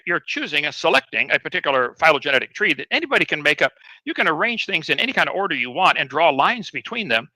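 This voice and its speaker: A man's voice: fairly high pitch, pushed and bright, dry recording, poor audio. A man arguing insistently and dismissively in a recorded debate. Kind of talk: debate argument.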